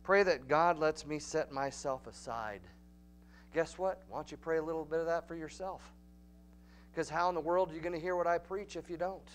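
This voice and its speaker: A male pastor with a Texan drawl leads a Bible study from the pulpit, plainspoken and emphatic. His voice sits fairly high and climbs into loud, urgent stretches. A faint hum runs under the church recording. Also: normal speed. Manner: folksy, emphatic, rising to near-shouting peaks. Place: church sanctuary.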